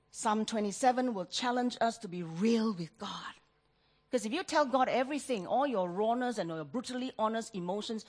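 A woman preaching a sermon, rising to loud, pleading tones when she voices prayers. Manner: impassioned, rises high and loud when voicing prayers.

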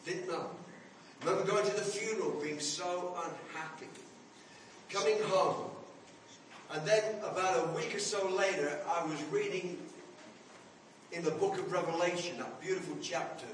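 A man's voice: fairly high pitch, normal speed, heavy reverb, recorded from a distance, slight background noise, rough recording. A man in his seventies preaching a sermon, telling a personal story earnestly and building to emphatic points. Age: 70s.

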